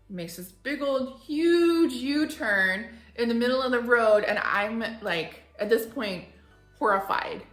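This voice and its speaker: A woman in her forties telling a story in a casual, animated way and acting out the people she quotes. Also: medium pitch, echoey room. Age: 40s. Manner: animated, acts out quoted voices. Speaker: furniture flipping vlogger.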